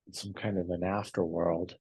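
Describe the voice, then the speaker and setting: A man teaching a yoga class, telling a story in a calm, unhurried way between posture cues. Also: low-pitched, husky.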